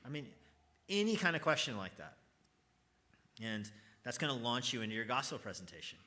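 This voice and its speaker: A man's voice: medium pitch, big pitch swings, fairly quick, sharp tone. A man teaching an evangelism class at church, talking conversationally, quizzing his students and stressing key points earnestly.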